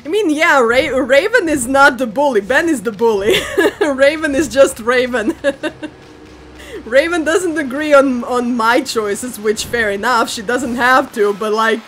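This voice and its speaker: A woman with a high voice chats her way through a game stream at an unhurried pace, giggling and playfully teasing her viewers. Soft game music plays faintly behind her. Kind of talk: casual live-stream chat.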